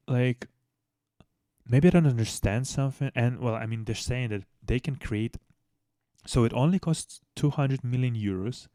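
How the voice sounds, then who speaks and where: A man with a warm, medium-pitched voice hosts a news commentary channel, recorded dry and at studio quality. His style is casual and blunt, with heavy swearing and restarted sentences. English is his second language.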